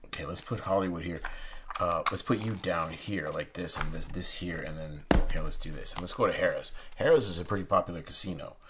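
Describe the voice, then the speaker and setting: A young man with a very low voice chats excitedly while unboxing playing cards, now and then dropping to a near whisper. The recording is noisy, with cards shuffling and clicking behind him. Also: brisk. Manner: excitable, chatty, drops to a hush. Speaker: playing card channel host. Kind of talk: casual unboxing commentary. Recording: noisy room with card handling sounds.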